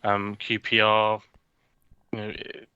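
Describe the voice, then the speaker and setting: A man's voice: fairly low pitch, completely flat delivery, slow, pushed and bright, clean tone, no room sound, highs cut off. A man co-hosting a football podcast, casual, rambling and mocking, with frequent swearing. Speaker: podcast co-host.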